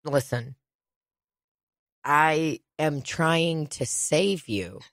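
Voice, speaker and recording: Animated, foul-mouthed storytelling woman. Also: deep voice, extremely slow, no echo, studio quality. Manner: animated storyteller, mimics people, swears freely. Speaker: podcast co-host. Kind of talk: casual comedic chat.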